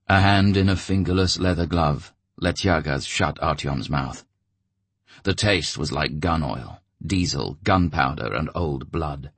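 A man narrating an audiobook in a measured, steady way. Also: very deep voice, breathy edge, no echo.

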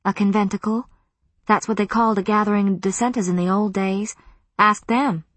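A woman's voice: medium pitch, fairly even intonation, brisk, dry recording, pitched above the performer's own voice, close to an everyday voice. A woman voicing a dreamy, crooning young pregnant witch in an audiobook.

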